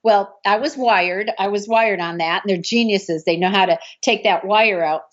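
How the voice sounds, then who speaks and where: A woman's voice: mid-range voice, normal speed. A woman telling an anecdote about a film shoot. She acts out what other people said. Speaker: martial arts film actress recounting a film shoot. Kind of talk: anecdotal storytelling. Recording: dull lo-fi recording.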